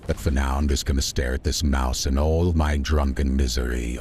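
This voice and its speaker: A man's voice: very deep voice, steady tone, normal speed, hardly any pauses, a little mellow, a little hiss or hum. A man streaming a video game, rambling in a chatty way and talking back to his chat. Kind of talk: livestream gameplay commentary.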